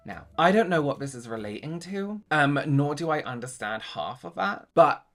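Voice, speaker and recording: A man's voice: fairly high pitch, expressive, normal speed, hardly any pauses, faint music behind. A man hosting a reaction video, giving sarcastic commentary on social media posts and reading them aloud.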